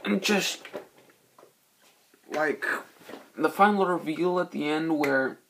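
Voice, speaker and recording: A man's voice: a little high, takes it slowly, vocal fry, a little hiss or hum. A young man rambling casually through a film review, swearing often and losing his train of thought. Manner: acts out movie quotes in loud, shouty voices. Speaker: movie reviewer.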